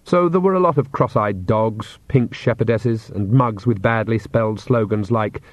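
A man narrating a comic fantasy book aloud in a measured, wry storytelling manner. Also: fairly low pitch, no echo. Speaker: audiobook narrator. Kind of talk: scripted narration. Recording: dry, slightly dull studio read.

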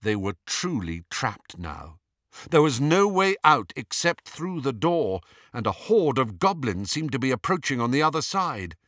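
A man's voice: mid-range voice, very animated, measured pace, a bit bright, no room sound. Dramatic male storybook narrator, dry. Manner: dramatic, suspenseful reading. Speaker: audiobook narrator.

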